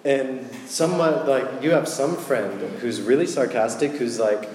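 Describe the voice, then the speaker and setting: Man, casual sermon, joking and slangy, mid-pitched voice, roomy hall with long reverb. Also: a little slow, a little mellow, a little hiss or hum. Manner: chatty and joking, slangy asides. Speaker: preacher.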